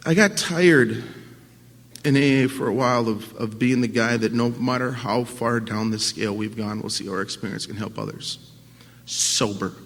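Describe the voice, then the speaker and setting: Earnest man speaking in an echoing hall. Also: high-pitched. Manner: earnest and halting, with many restarts; swings from quiet to loud, impassioned. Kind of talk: personal recovery talk to an audience. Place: large conference hall at a convention. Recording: long hall reverb from a live talk.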